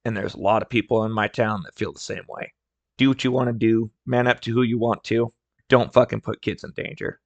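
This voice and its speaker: A man's voice: mid-range voice, fairly bright tone, no room sound. A man hosting a solo podcast, telling workplace stories in a candid, blunt way with casual swearing. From rural area. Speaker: podcast host.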